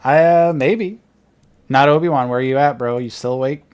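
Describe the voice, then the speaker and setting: A man's voice: medium pitch, moderate pace, a little mellow, clear, resonant tone, highs cut off. A man co-hosting a casual livestream chat, teasing friends and laughing often. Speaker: co-host.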